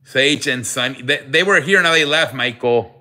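A man hosts a loose live sports stream, greeting viewers by name and reading their chat aloud. His voice is bright and forward, sitting at an everyday middle pitch, and he keeps repeating "I beg your pardon" as a running joke. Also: normal speed.

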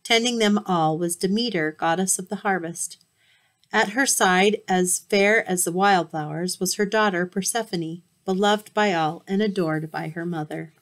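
A woman reads a myth aloud in a storybook manner, her voice sitting a little low. She is expressive and now and then trips over a word and restarts. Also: normal speed. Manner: expressive, occasional slips and restarts. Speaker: teacher reading aloud.

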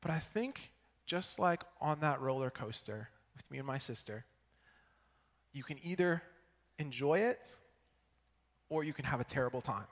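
A young man giving a sermon at church, telling a personal story in a lively way and checking in with the audience as he goes. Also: medium pitch, moderate pace, pauses often. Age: young adult. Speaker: student preacher. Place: church hall. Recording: echoey church hall.

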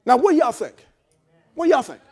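A man's voice: very high voice, sing-song, a little fast, darkish tone. A male pastor preaching a sermon in a loose, conversational way, repeating words, trading amens with the congregation and making blunt, joking asides. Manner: conversational preaching with frequent repeats and call-and-response. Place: church service held in a hotel venue.

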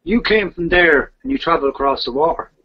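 A man's voice: fairly high pitch, fairly quick, slightly rough, lo-fi sound. A man quoting a restless young Viking prince while telling a legend. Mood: pleading.

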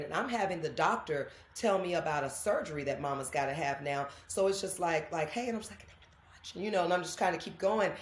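A woman's voice: lowish voice, a little hiss or hum. A woman, chatting as an interview guest and acting out the people in her stories. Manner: animated storyteller, acts out quoted voices. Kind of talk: casual interview chat. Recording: echoey room.

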